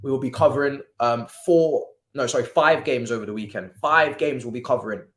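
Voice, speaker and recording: A man chats loosely over a live football stream, joking and slipping into slang. His voice sits at an ordinary middle pitch. The room around him rings with a noticeable echo. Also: fairly quick. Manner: chatty and joking, heavy on slang, with frequent restarts. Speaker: football watchalong host. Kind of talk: casual live-stream chat and match commentary. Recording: roomy echo.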